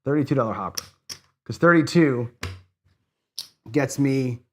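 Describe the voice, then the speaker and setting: A man's voice: mid-range voice, a little slow, slight background noise. A man hosting a casino craps video, thinking aloud through bet math, correcting himself and chatting to viewers. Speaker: host playing casino craps. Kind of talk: casual gambling commentary.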